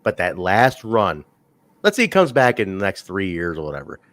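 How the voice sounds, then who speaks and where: A man co-hosting a casual wrestling review chat, telling stories in a rambling, animated way. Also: low voice, normal speed. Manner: rambling, animated storytelling with laughs. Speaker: podcast co-host reviewing wrestling.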